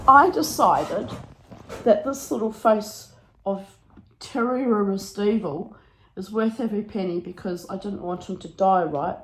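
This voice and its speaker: A woman's voice: medium pitch, animated, a little slow, reverberant, poor audio. A woman, telling a story to camera in a dramatic, breathless way and acting out the people in it. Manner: dramatic, breathless retelling with put-on voices. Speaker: vlogger.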